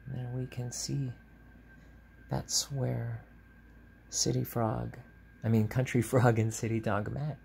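A man, a teacher, reading a picture book aloud to children at home on camera, in a gentle, chatty way, stopping to point out the pictures. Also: medium pitch, level tone, slow, creaky, pauses often, a little hiss or hum.

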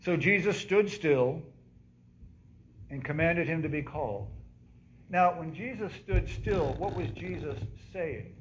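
A man preaching to his church congregation, his voice sitting a little high for a man and rising to dramatic calls as he repeats the cries of the story he is telling. He keeps asking questions of the listeners and checking that they follow. A faint room hiss stays behind him throughout. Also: slow pace. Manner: animated preaching that quizzes the congregation. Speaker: pastor. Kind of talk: sermon. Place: church sanctuary.

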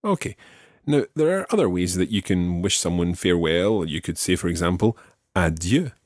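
A male language teacher with a fairly low, slightly husky voice that moves up and down a lot as he explains. He walks patiently through each phrase and models its pronunciation for the learner. The sound is close and dry. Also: expressive, normal speed, a little mellow, no room sound. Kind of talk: podcast language lesson.

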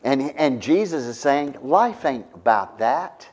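Slow, lively-voiced male preacher. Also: medium pitch. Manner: conversational, keeps asking "right?". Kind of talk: sermon.

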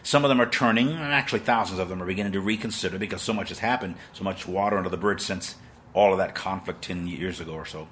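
Forceful, emphatic preacher man in his 60s. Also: deep voice, fast talker, slight background noise. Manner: emphatic, dramatic preaching with wordplay. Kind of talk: live-stream sermon.

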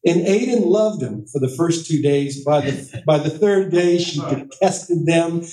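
Brief: middle-aged male author telling a story to a library audience, slightly high, mellow voice, picked up from across an echoey room. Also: unhurried. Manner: anecdotal, self-deprecating, with quoted voices. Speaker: author giving a library talk. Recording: echoey room, distant mic.

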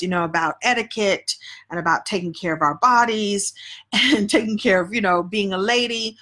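A woman's voice: mid-range voice, a bit bright. A woman coach talking casually on a phone live stream, a chatty, playful storyteller. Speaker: speaking coach.

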